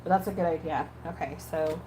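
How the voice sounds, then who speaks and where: A woman with a lowish voice chats loosely about her video plans, drifting between thoughts with plenty of "um"s and restarts. Her tone is relaxed and conversational, and faint background hiss sits under her voice. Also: brisk. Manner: rambling, many fillers and restarts. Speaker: ASMR creator. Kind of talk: casual chat while editing.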